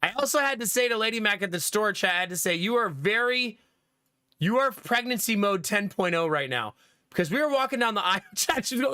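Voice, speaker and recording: Bright, high-voiced man chatting and laughing. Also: normal speed, pauses often, soft background music. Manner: laughs often, animated retelling of family stories. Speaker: streamer. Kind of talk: casual storytelling to live chat.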